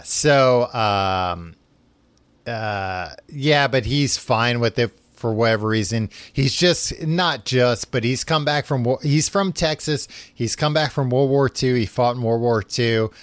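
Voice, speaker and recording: A man's voice: mid-range voice, unhurried, clear, resonant tone, no echo. A man hosting a podcast, casually retelling a book with lots of filler words and restarts. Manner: rambling, full of likes and restarts. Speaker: podcast host.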